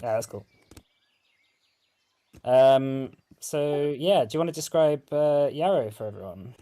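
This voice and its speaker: A man's voice: mid-range voice, expressive, a little slow, warm tone. A man narrating as game master of a tabletop game, hesitant and full of fillers.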